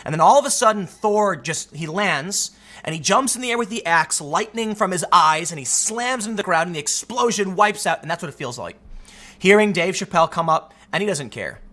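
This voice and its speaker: Bright, emphatic male commentator. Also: high-pitched, a little fast. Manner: emphatic, animated, repeats words when excited. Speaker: political commentary host. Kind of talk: casual commentary monologue.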